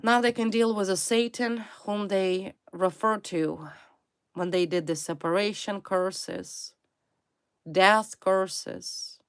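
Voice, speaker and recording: A woman's voice: medium pitch, no echo. A woman giving a tarot reading to her viewers, stressing her points by repeating single words. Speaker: tarot reader.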